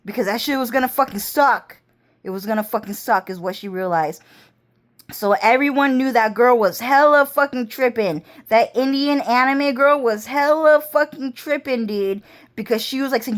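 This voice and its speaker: A woman vlogger delivering a rambling, intense monologue full of swearing. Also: moderate pace. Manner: profane, intense, swinging pitch and pace.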